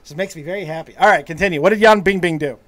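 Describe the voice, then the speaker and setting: A man's voice: sits high, rapid-fire, fairly bright tone. A man hosting a casual podcast, brash and profane, teasing his co-host. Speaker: show host.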